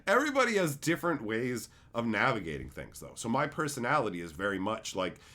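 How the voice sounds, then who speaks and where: A man ranting casually on a livestream, blunt and heavy on the swearing. His pitch rises and falls a lot as he tells stories in a combative way, and his voice sits in a middle range. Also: huge pitch swings, fairly quick, pushed and bright. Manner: profane, blunt, combative storytelling; acts out quotes with big swings in voice. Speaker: streamer and show host.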